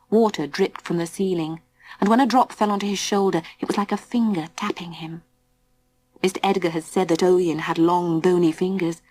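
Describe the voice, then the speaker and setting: Husky woman narrating a children's storybook. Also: mid-range voice. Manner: gentle, suspenseful, often hushed. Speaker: audiobook narrator.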